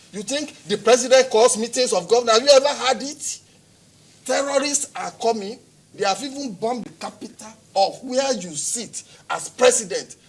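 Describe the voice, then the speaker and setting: A man with a Nigerian accent, a security expert arguing forcefully in a TV studio interview, firing rhetorical questions and repeating words as he presses his points. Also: sits high, husky.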